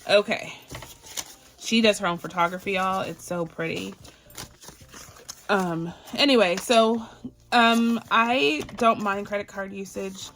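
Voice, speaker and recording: A budgeting vlogger from Barbados chats casually with her viewers, calling them y'all, as she sorts and counts cash for her budget in a playful way. Her medium-pitched voice is fairly bright with fairly even intonation, and she speaks slowly with long pauses.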